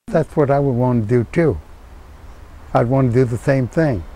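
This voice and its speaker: A man's voice: medium pitch, moderate pace, warm tone, rough recording. An older man answering in an interview, cheerful and reflective. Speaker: interviewee, former POW pilot.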